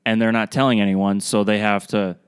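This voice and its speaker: A young man with a fairly low voice co-hosts a casual podcast chat. He speaks earnestly and sometimes stumbles, repeating a word before he finds his point. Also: level tone, smooth, big-room sound. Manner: earnest, a little halting with repeated words.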